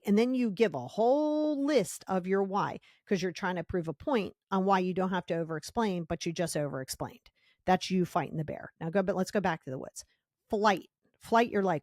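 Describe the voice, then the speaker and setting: A woman's voice: mid-range voice, lively intonation, normal speed, darkish tone, no echo, studio quality. A woman hosting a self-help podcast, talking emphatically, repeating key words for stress and acting out little scenes in quoted voices. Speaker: podcast host.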